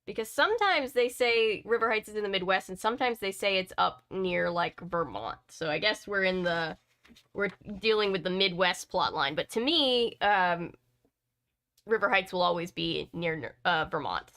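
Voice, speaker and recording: A woman's voice: medium pitch, expressive, moderate pace, a bit bright. Woman reading aloud with chatty asides. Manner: chatty, laughs at herself, digresses often. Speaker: book-reading channel host. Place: home editing room.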